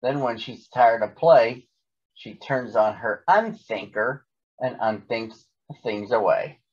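A man voicing a young male cat, the big brother who narrates a rhyming storybook in a steady reading voice. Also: medium pitch, takes it slowly, slightly rough, dull audio. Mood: calm.

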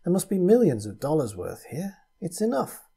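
A man's voice: a little high, wildly swooping pitch, moderate pace, vocal fry, mellow, breathy edge, pitched above the performer's own voice, heavily acted. A man voicing a desperate adult man cursed to turn things to gold, speaking in a strained, pleading way.

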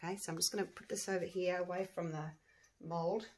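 Excitable woman chatting while crafting. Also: on the low side, a little fast, slight background noise. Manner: excitable, gushing, talks to viewers as you guys. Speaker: resin craft vlogger. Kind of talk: casual chat while crafting.

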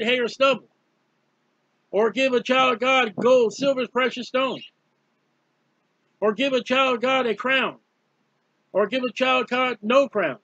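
A man's voice: very high-pitched, fairly bright tone, no room sound. A man preaching a fervent, emphatic Bible study sermon, repeating key phrases. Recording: dull lo-fi dry recording.

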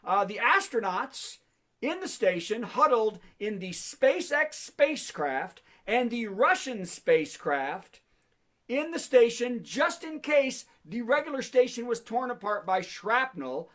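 A man's voice: extremely high pitch, big pitch swings, measured pace, a bit bright. A man hosting a comedy show over a video call, telling topical jokes, laughing at his own lines and talking with the audience. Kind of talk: stand-up monologue on a video call.

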